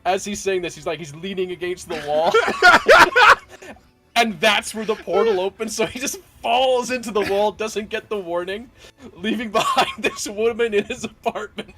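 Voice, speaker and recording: A man playing a tabletop game, narrating his character's scene in an animated way. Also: high voice, normal speed, loud music behind the voice. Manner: animated, laughing storytelling. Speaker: player.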